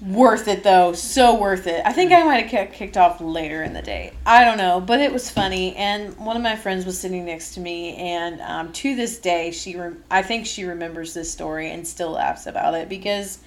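A young adult woman hosting a casual podcast. She tells stories in a lively way and often laughs. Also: fairly low pitch, normal speed, few pauses. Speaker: podcast host.

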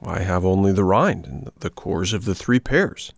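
A man's voice: sits low, lively intonation, normal speed, creaky, dry recording, full character voice. Man voicing a patient, lecturing old father.

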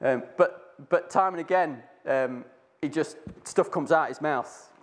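Rambling male storyteller, slightly high voice, casual retelling with frequent restarts. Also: measured pace. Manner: rambling with many restarts, acting out voices in quotes. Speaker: speaker sharing a Bible reflection. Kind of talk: casual talk.

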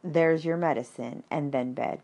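A woman voicing a calm, motherly female kangaroo who speaks cheerfully and gently teases in a storybook reading. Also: low-pitched, unhurried, dull audio.

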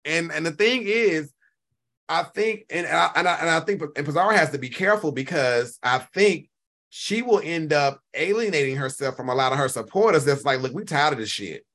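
A man, co-hosting a casual gossip chat, animated and slipping into high voices to quote people. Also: fairly quick. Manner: animated, swings pitch up when quoting others. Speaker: podcast co-host.

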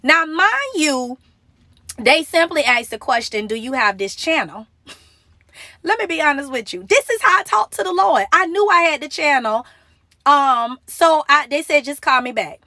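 A woman's voice: high-pitched, big pitch swings, unhurried, pushed and bright, no room sound, clean studio sound. A woman hosting a motivational faith talk, earnest and emphatic, firing off rhetorical questions. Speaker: podcast host.

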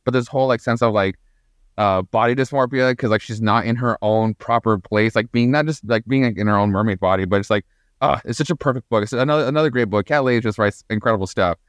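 A man's voice: medium pitch, fast talker, dry recording, studio quality. A man co-hosting a podcast, rambling enthusiastically with lots of fillers and casual swearing. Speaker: podcast co-host.

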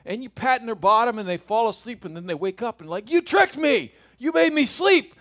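A man's voice: extremely high pitch, animated, fairly quick, fairly bright tone, pitched above the performer's own voice, exaggerated voice. A man voicing a sleepy, cranky baby who protests being put to bed, in a whiny tone. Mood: cranky whining.

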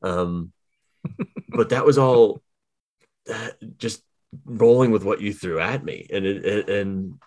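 A man's voice: lowish voice, takes it slowly, long pauses, a little mellow. A man co-hosting a podcast and dungeon master, from the Boston area, talking casually in a rambling, wry way with frequent self-corrections. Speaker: podcast co-host and game master. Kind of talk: casual chat.

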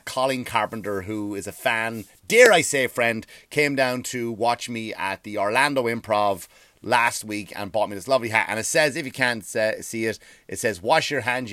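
A man's voice: medium pitch, expressive, normal speed, bright, forceful tone, no echo, clean studio sound. A man, a comedian hosting his own podcast, ranting in a rambling way, swearing freely and restarting his sentences. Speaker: stand-up comedian and podcast host. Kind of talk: profane comic rant.

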